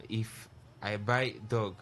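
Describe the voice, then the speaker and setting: A man's voice: lowish voice, steady tone, takes it slowly, a bit bright, a little hiss or hum. A Nigerian man co-hosting a radio phone-in show, reading listener text messages aloud with fillers and Pidgin asides.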